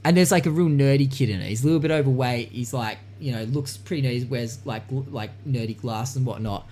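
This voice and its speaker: A man in casual podcast chat, talking in an animated way, swearing freely and acting out tough-guy voices. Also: medium pitch, quick pace. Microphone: studio podcast mic.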